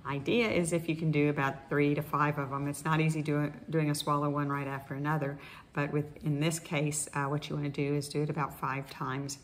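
A middle-aged woman speech therapist calmly leading guided voice exercises, pausing with frequent fillers. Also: low voice, slight background noise. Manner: calm instructional, with many fillers. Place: indoors in Costa Rica, wind outside.

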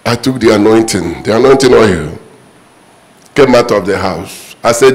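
A man's voice: on the low side, normal speed, low-quality recording. A man preaching a sermon as pastor, emphatic and repetitive, his voice leaping up on sudden exclamations.

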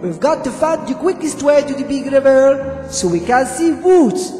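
A man's voice: very high voice, expressive, moderate pace. A man reading as a cheerful girl explorer. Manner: bright, encouraging, addressing the listener. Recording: echoey room with long reverb, faint music.

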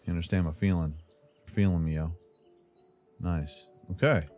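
Laid-back gamer guy with a deep-ish mellow voice, goofing around and chatting to himself while he builds. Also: steady tone, normal speed, soft background music. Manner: playful, talks to himself, jokey asides like "brother". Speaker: gaming channel host. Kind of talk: casual let's-play commentary.

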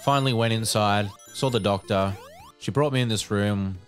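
A man's voice: on the low side, moderate pace, faint music behind. A man co-hosting a podcast, telling a long casual story full of "like" fillers. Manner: rambling, many "like" fillers. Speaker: podcast co-host.

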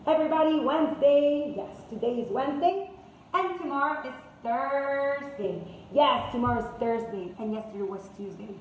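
Female English teacher, high voice, slow and sing-song, for young learners; very echoey room with faint hiss. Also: recorded from a distance. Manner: slow, sing-song, repeats words and translates into Spanish. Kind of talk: children's English lesson.

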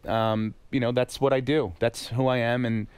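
A man, a comedian guest on a radio show, speaking haltingly and earnestly, repeating words. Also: medium pitch, level tone, darkish tone, clear, resonant tone, no room sound. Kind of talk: radio interview.

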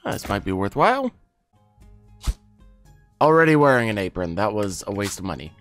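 A man's voice: on the low side, sing-song, moderate pace, fairly bright tone, faint music behind. A man giving casual, playful commentary while playing a video game, swearing and joking. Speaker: gaming video host. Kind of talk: casual let's-play commentary.

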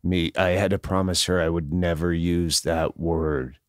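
A man imitating a middle-aged male comedian, speaking slowly and hesitantly with many pauses. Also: low voice, fairly even intonation, no echo, studio quality, voice pushed down. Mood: sheepish.

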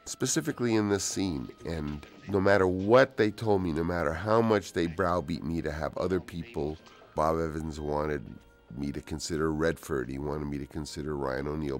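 Very deep-voiced older man reminiscing. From United States. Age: 60s. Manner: relaxed, rambling recollection with soft-spoken asides. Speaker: film director. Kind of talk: DVD audio commentary, anecdotal storytelling.

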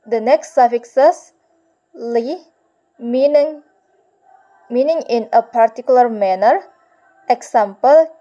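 Young female student presenter, slow halting delivery, mellow tone, lo-fi sound. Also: a little high. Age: young adult. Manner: slow, halting reading of a list. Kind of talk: reading a class presentation. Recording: dull lo-fi recording.

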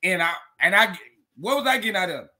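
A man's voice: high-pitched, expressive, quick pace, sharp tone. A man who breeds dogs, ranting to camera in a confrontational way, repeating and restarting his words. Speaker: dog breeder. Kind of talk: heated rant to camera.

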